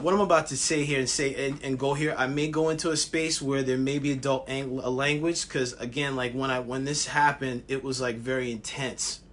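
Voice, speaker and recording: A man vlogging a personal wellness story, passionate and animated, with frequent restarts. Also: on the high side, a little hiss or hum.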